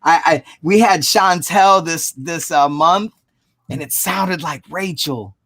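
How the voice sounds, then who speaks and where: A man's voice: fairly high pitch, slow pace, fairly bright tone. A man chatting casually on a live stream, telling rambling stories with restarts and repeats. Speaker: storage auction buyer and show regular.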